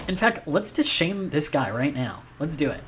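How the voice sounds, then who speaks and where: A man streaming a video game live, chatting in a playful, excitable way with many fillers. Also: fairly high pitch, a little hiss or hum.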